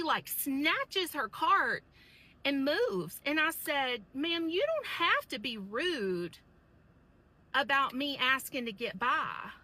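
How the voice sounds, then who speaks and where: Woman with a high bright voice ranting slowly about her day, keeps going "i said". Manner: upset, emphatic, repeats "I said". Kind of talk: casual storytime rant.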